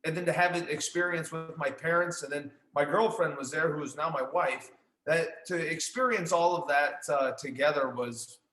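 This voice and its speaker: A man, a former catcher, recounting a story in relaxed, casual talk. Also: on the high side, moderate pace. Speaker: former pro catcher guest. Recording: roomy echo.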